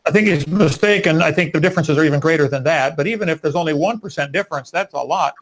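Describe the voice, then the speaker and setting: A man's voice: a little high, fast. A man making emphatic, preachy arguments in a live debate.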